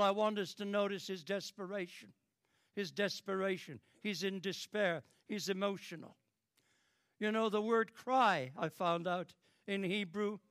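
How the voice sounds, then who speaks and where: An older British man delivers a fervent sermon, repeating phrases as his emotion swells, with dramatic rises in pitch and volume. His voice is a bit bright, captured dry in studio quality.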